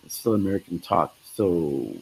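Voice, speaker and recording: Tired, gravelly-voiced man chatting. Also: low-pitched, very animated, normal speed, darkish tone, rough recording. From Belgium, raised in Canada. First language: French. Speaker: guest artist. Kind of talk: casual chat.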